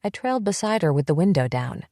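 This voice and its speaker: A woman reading a first-person psychological thriller audiobook in a tense, measured way on a close mic. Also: fairly low pitch, big pitch swings, warm tone, no echo. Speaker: audiobook narrator.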